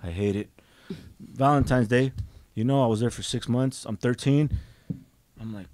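A man recounts his life story on a podcast in a dry, close-miked setting. His delivery is blunt and emphatic, with frequent cursing, and he sits at an ordinary mid pitch. There is no room echo around his voice. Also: moderate pace, long pauses, darkish tone. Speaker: podcast guest. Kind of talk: casual storytelling.

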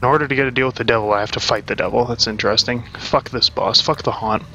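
A man's voice: mid-range voice, steady tone, quick pace, sharp tone, highs cut off, soft background music. A young adult man casually chatting and swearing while he plays a game at his desk at home. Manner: rambling and profane, chatting while playing. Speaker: gaming channel host. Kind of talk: casual let's-play commentary.

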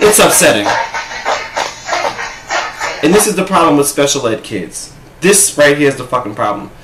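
A sassy, foul-mouthed man rants into his camera at home, his fairly high voice leaping up and down in pitch. The room bounces his voice around with a clear echo, and a faint hiss sits underneath. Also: normal speed, faint music behind. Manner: sassy, profane and animated. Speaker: vlogger. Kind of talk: casual reaction-video rant. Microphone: camera set up in front of him. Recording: echoey room.

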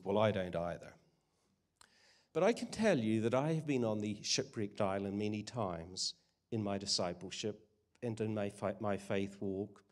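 A man's voice: lowish voice, lively intonation, normal speed. An older man preaching a sermon, earnest and conversational with frequent hesitations. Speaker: guest preacher.

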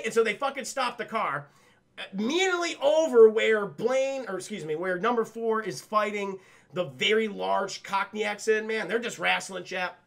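A young man rambles through a profane, scene-by-scene film recap for his livestream chat. His voice sits high and bright, with a gravelly edge of fry that comes through whenever he trails off. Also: normal speed. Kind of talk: casual spoiler recap to live chat.

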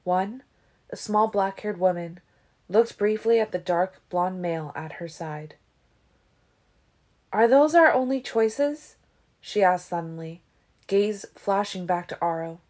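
A woman reading a novel aloud as an audiobook, with steady, even storytelling. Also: lowish voice, a little slow. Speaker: audiobook reader. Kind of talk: audiobook narration.

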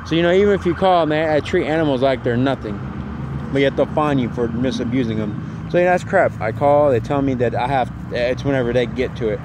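A man's voice: mid-range voice, fairly quick. A man filming a phone vlog outdoors at work, ranting and swearing in anger. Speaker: vlogger. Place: outdoors at a work site, near traffic. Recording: outdoor traffic noise.

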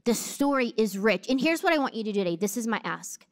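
A woman in her thirties, a pastor, giving a sermon with animated, funny storytelling on a church stage. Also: on the high side, fast talker. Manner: animated storytelling with comic asides.

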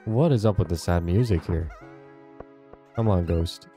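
Young guy chatting to himself while he plays, kinda low voice, quiet game music underneath. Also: unhurried. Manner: chatty, self-talking while playing. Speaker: gaming channel host. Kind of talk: casual gameplay commentary. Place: home, indoors.

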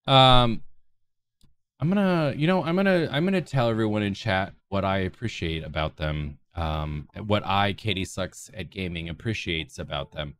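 A man on a livestream doing a goofy impersonation of another streamer, rambling and playful, swinging from silly squeals to deadpan mumbles. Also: low-pitched, moderate pace. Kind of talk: comedic stream chat impersonating a woman streamer.

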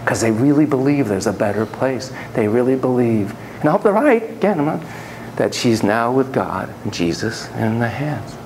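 A man lecturing a class with a theatrical, animated delivery. He swings from hushed remarks to loud exclamations and keeps asking the students questions. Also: mid-range voice, normal speed, slight background noise, low-quality recording.

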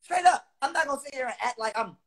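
A man delivering a heated, profane monologue to his viewers. He repeats lines for emphasis, with loud bursts between lower, quieter stretches. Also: very fast. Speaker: online speaker.

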